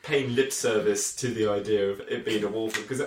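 A man's voice: on the low side, steady tone, normal speed. A man, a podcast guest discussing films casually, joking and laughing often. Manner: laughing, jokey. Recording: echoey, distant mic with faint noise.

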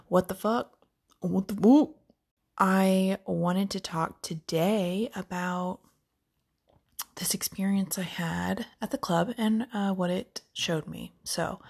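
A young woman talks on her own podcast from her kitchen, chatty and frank, and she laughs easily and drifts from thought to thought. Her voice sits on the low side and has a gravelly fry to it. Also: a little mellow. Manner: candid, rambling, laughs often, says like a lot. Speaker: podcast host. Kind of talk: casual solo podcast chat. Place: home kitchen.

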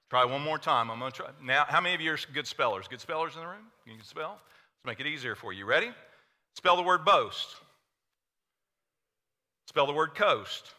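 A man with an Oklahoma accent preaching a sermon to a church congregation, energetic and playful, quizzing the crowd. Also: on the high side. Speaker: pastor. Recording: long hall reverb.

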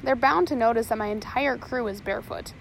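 A ruthless pirate captain, as a woman reads him in a storybook, barking short, commanding orders. His voice sits fairly high and light for a seafaring man. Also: fairly quick, creaky, a little hiss or hum, rough recording. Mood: wry.

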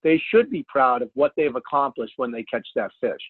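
A man, a fishing charter captain, telling a story in a casual interview, animated and loud at the high points. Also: normal speed, breathy edge, no echo. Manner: animated, jumps to loud exclaims when retelling. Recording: dry tinny phone line.

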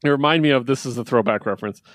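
A man co-hosting a podcast, chatting about the week's comics in a mid-range voice. He gets excited, laughs a lot and acts out lines as he talks. The recording is dry and close. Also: mid-range voice, very fast, no room sound. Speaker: podcast co-host reviewing comics. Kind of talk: casual chat.

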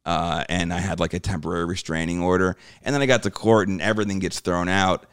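A guest comedian with a low voice tells a story quickly on a casual podcast, swearing freely and acting out other people's lines. He's animated throughout, and the recording is dry and studio quality.

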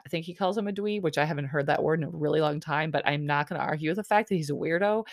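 Chatty low-voiced woman recapping a show. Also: fast, few pauses, no room sound, clean studio sound. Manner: chatty, filler-heavy, with frequent "like" and "um"; opinionated storytelling. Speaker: reality TV recap host. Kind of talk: casual episode recap commentary.

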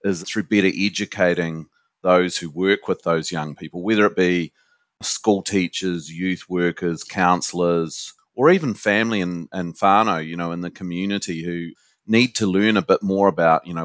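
A man with a New Zealand accent and a very deep voice speaks as a podcast guest. He talks earnestly in a conversational way, and the dry recording has almost no room sound. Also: a bit bright, dry recording. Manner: earnest, with frequent "you know" fillers. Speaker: guest academic and suicide educator. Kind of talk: conversational interview.

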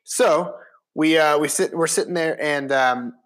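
A young man in his twenties chats through a personal story in a casual monologue. His voice sits a little high for a man, and he talks in an animated way, full of fillers and restarts. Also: measured pace. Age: 20s.

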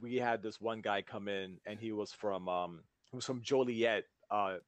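A man's voice: lowish voice, steady tone, normal speed, no echo. A man co-hosting a podcast in casual chat, rambling and often repeating words as he starts his sentences. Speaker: podcast co-host.

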